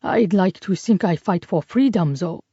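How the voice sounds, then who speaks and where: Brief: woman narrator voicing a sincere young German soldier, German accent, quiet, dull dry recording. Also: fairly low pitch, lively intonation, moderate pace, slightly rough, dry recording. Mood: earnest. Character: young German soldier secretly helping resistance, earnest.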